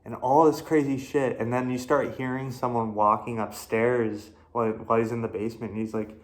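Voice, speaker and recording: A man's voice: medium pitch, fairly quick, few pauses. A man hosting his own horror film review, talking casually with lots of fillers, restarts and swearing. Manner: rambling, profane, many fillers and restarts. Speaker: host.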